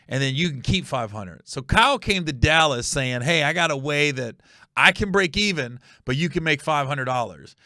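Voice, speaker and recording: A man's voice: on the high side, bright, forceful tone, no room sound, clean studio sound. A middle-aged man from Ohio telling a casual story as a podcast host, acting out quotes and laughing at his own tale.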